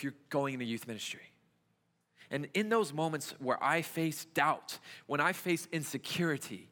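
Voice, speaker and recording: A man's voice: medium pitch, bright, forceful tone. Young man, youth pastor, conversational sermon, church hall reverb. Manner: conversational preaching with rhetorical questions. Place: church sanctuary.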